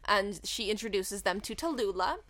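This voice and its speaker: A woman's voice: medium pitch, moderate pace. A woman in casual chat, retelling a film's plot and acting out the characters' lines. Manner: animated storyteller, acts out characters' lines. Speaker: podcast co-host. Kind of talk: casual chat recapping a film.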